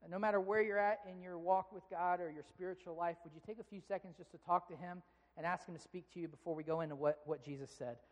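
A male pastor giving a sermon, telling a story with lively, animated delivery. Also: sits high, quick pace. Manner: animated storytelling, shouting quoted outbursts. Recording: long hall reverb.

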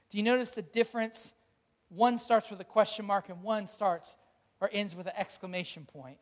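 A man's voice: sits high, normal speed, fairly bright tone, long reverb tail. A male pastor preaching a sermon, emphatic, with repeated rhetorical questions.

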